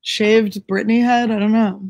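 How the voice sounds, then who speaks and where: A woman in her thirties chatting as a comedy guest, playful and quick to laugh, drawing out her jokes. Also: medium pitch, steady tone, vocal fry, darkish tone, no echo. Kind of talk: casual chat.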